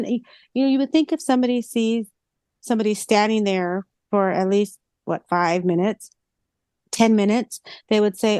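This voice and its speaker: A woman's voice: medium pitch, moderate pace, clean tone, no echo. A woman co-hosting a casual podcast chat, telling stories animatedly and acting out quoted lines. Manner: animated storytelling with acted-out quotes. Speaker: co-host.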